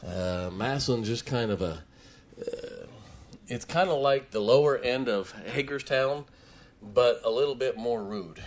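Middle-aged preacher guy from ohio, mid pitch, tells folksy stories then gets loud and punchy. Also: a little slow. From Canton, Ohio. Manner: swings from loud emphatic preaching to quiet chatty storytelling; folksy, frequent fillers and restarts, chuckles. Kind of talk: storytelling sermon.

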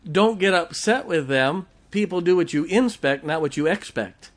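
A man's voice: a little high, animated, normal speed. A middle-aged man preaching a folksy sermon, often asking the congregation questions. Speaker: pastor.

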